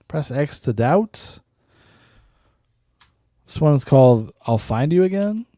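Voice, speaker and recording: A man's voice: a little high, very animated, slow pace, warm tone, no echo. A man hosting a podcast, giving casual, sardonic reaction commentary with cursing and laughing asides. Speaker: podcast host.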